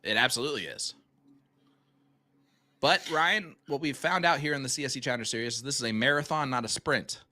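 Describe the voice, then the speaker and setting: A man calling a live darts stream as host, talking straight to the chat and rattling off sponsor scripts at speed. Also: mid-range voice. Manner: energetic, talks to the chat, plugs sponsors in rapid reads.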